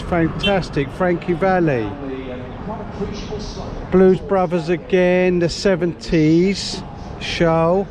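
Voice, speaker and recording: A high-pitched male voice with fairly even intonation moves slowly and leaves long pauses, while crowd noise and clear street traffic fill the background. He's walking a resort street with a camera, chatting upbeat to viewers and repeatedly calling them "guys" in casual tour commentary.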